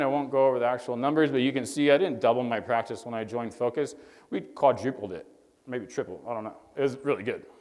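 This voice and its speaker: Brief: man, mid-pitched, earnest storyteller addressing young doctors from a stage, long hall reverb. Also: a little mellow. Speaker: chiropractor speaking to young doctors. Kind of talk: motivational stage talk.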